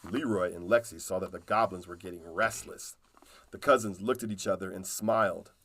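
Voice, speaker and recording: A man reading a children's storybook aloud in a calm, unhurried way. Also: sits low.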